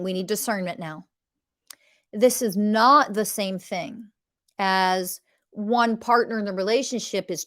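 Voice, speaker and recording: A woman with a medium-pitched, fairly bright voice hosts a podcast and teaches about relationships. Her monologue is impassioned, blunt and emphatic; she swears freely and acts out what partners say to each other.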